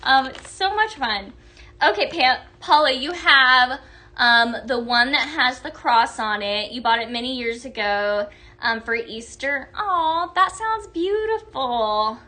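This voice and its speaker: A woman's voice: on the high side, unhurried, bright, forceful tone. A woman hosting a live shopping stream, gushing over products and reading out viewer comments in a bubbly, chatty way. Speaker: live-selling host.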